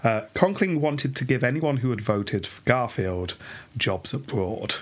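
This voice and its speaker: A man's voice: medium pitch, expressive, a little slow, breathy edge. A man hosting a podcast, casually telling a history story and reading quotes aloud with frequent laughs.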